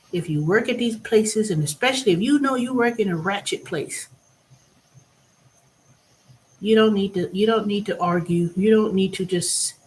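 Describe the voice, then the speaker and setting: Blunt, profane woman ranting on camera. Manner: animated, swinging between loud and low. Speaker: vlog host. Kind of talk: casual ranting monologue.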